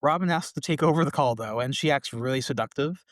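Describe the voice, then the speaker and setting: A man's voice: medium pitch, fast, dry recording, clean studio sound. Chatty man recapping a sitcom. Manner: relaxed, chatty recap with fillers. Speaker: podcast co-host.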